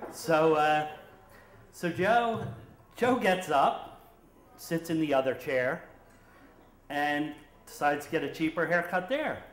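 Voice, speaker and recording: A man telling a personal story on stage at a story slam, animated and lively as he acts out the scenes. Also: fairly high pitch, takes it slowly, long pauses. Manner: lively, animated retelling with acted quotes. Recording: roomy echoing hall.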